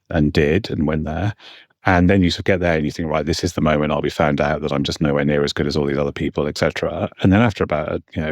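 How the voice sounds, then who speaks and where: A middle-aged man with a very low voice and a lilt, talking quickly as an interview guest. He reflects candidly and modestly, trailing off with "et cetera" asides. The sound is close and dry. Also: no room sound. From South Wales. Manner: candid, self-deprecating, with frequent "et cetera" asides. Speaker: guest, law firm managing partner.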